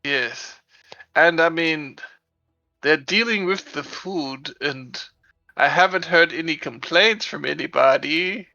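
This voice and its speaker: A man playing a tabletop game, chatty and quick with out-of-character asides. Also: on the high side, gravelly, highs cut off. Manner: chatty, restarts, excited asides. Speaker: player.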